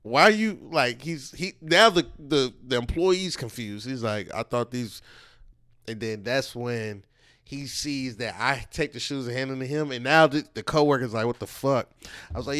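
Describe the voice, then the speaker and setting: A man's voice: medium pitch, moderate pace, fairly bright tone, no echo. A Texan man hosting a comedy podcast, spinning loose, profane anecdotes. He acts out the voices of the people in his stories. His voice is close and dry, with no room sound around it. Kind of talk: casual chat.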